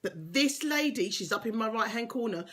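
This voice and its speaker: On a live video stream picked up by a webcam or phone, a woman life coach and motivational speaker chats casually and playfully with viewers, teasing them and laughing a lot. Her voice is fairly high, expressive, a bit bright and slightly rough, at normal speed.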